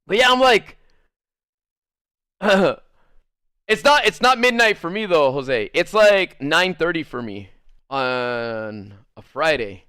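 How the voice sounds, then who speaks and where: Young male streamer, casual rambling storyteller, slightly high, clear smooth tone. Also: slow pace, long pauses, no echo, clean studio sound. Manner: rambling, animated, full of "like" fillers. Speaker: livestreamer.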